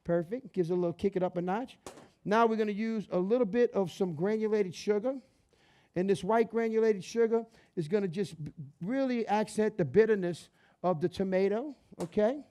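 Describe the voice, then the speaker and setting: A man's voice: sits high, normal speed, dark tone, clean tone. A man hosting a cooking demonstration, upbeat and chatty, calling his audience "guys" and "baby". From New Orleans area, Louisiana. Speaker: chef hosting a cooking show.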